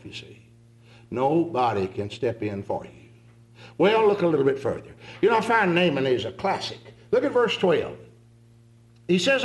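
A man preaching a sermon, telling folksy stories and reading scripture aloud. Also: high voice. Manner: animated, folksy storytelling preaching. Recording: echoey room.

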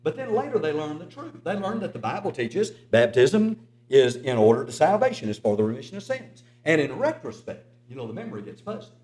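A man's voice: fairly high pitch, very animated, a little fast, darkish tone. An older man preaching a sermon, earnest and urging, telling a story to his congregation. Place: church auditorium. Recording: echoey church hall.

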